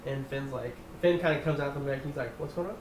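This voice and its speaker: A man's voice: mid-range voice, fast talker, noisy background. A man narrating a tabletop game as game master, loose and rambling with many fillers, in an echoey room.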